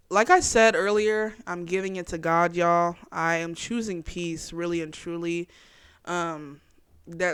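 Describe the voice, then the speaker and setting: A young woman hosting her own chat show, reacting in a casual, animated, slangy way and laughing often. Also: lowish voice, clean tone, no room sound. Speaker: podcast host.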